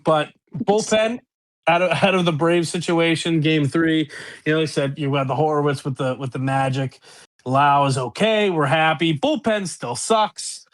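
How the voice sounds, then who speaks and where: A man with a Pittsburgh accent co-hosts a sports podcast in a casual, rambling way, laughing often and swearing freely. His voice sits a little higher than most men's. He tells stories in long, loose runs. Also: normal speed. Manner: rambling, laughing, profane banter. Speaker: podcast co-host.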